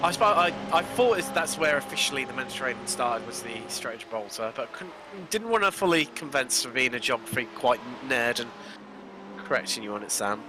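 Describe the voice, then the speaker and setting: A man's voice: mid-range voice, expressive, fairly quick, background noise. A man co-commentating on a sim race, chatty and jokey in friendly back-and-forth with his partner.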